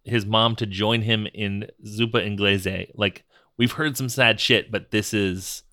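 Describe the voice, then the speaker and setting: A man's voice: on the low side, fairly even intonation, unhurried, bright, forceful tone, no room sound, clean studio sound. A man co-hosting a podcast in casual chat, joking, laughing often and tripping over his words into a podcast microphone. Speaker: podcast co-host.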